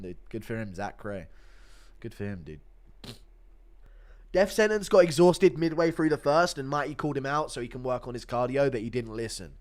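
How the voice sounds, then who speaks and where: Excitable, swearing male streamer, lively pitch. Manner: excitable, profane, loud bursts. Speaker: streamer host. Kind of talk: live reaction play-by-play.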